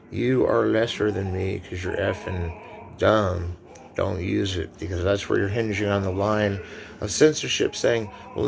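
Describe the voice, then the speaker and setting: A man's voice: fairly low pitch, creaky. A man giving a rambling film lecture, with many restarts and asides.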